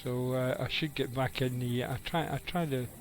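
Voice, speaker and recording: A man's voice: mid-range voice, steady tone, moderate pace, poor audio. A middle-aged man, giving rambling, casual live commentary on his game and chatting with viewers, swearing now and then. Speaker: game streamer.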